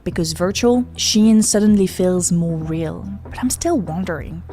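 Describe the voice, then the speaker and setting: Woman, scripted explainer narration, slightly low voice, mellow tone, wry and sarcastic. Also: measured pace, soft background music. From France. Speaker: video narrator.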